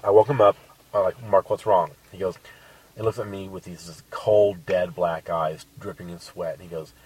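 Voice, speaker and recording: A man on a podcast casually telling a crude dating story, animated and swearing. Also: low voice, moderate pace, slightly rough, far from the mic, poor audio. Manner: crude, animated, acts out quotes.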